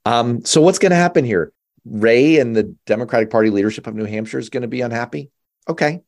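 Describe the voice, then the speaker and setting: A man hosting a political talk show, wry and quick to joke. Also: medium pitch, gravelly. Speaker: host.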